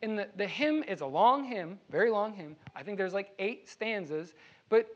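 A man's voice: high voice, expressive, moderate pace, fairly bright tone, lo-fi sound. A man preaching a sermon as pastor, earnest and conversational, with everyday examples. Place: church.

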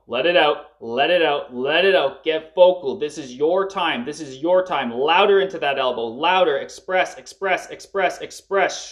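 Man leading a fierce breathwork session. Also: on the high side. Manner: coaching, urgent and commanding, swearing at peaks. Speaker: breathwork facilitator.

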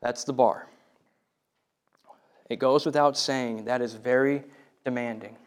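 Slow, emphatic male preacher. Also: mid-range voice, fairly even intonation. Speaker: pastor. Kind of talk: sermon.

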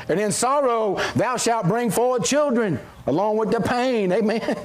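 A man's voice: very high-pitched, unhurried. A middle-aged male pastor, preaching a folksy, joking sermon with scripture reading and prayer. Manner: folksy, joking, calls out amen to the congregation.

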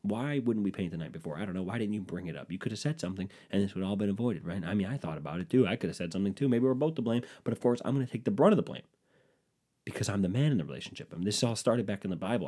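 A man's voice: fairly low pitch, lively intonation, racing, dark tone, husky. A man hosting a solo comedy podcast, rambling and self-deprecating with plenty of swearing, talking through a stuffed, runny nose. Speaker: podcast host.

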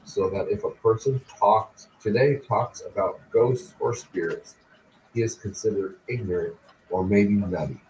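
A man, the host of a podcast, reading a book aloud slowly and deliberately. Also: lowish voice. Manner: slow, deliberate, even reading. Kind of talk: audiobook-style reading. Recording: distant mic with faint background noise.

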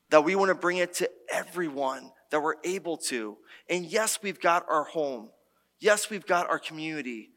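A man preaching a sermon as pastor, talking conversationally and telling stories with lots of restarts. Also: a little high. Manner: conversational, animated storytelling with many restarts. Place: church sanctuary. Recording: long church-hall reverb.

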